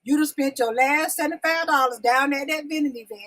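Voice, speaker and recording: A woman's voice: high voice, a little fast, fairly bright tone, rough recording. A woman hosting her own live-stream talk show, chatting casually with viewers and coaxing them to answer in the comments, repeating her questions. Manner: folksy, addresses viewers as y'all and babies.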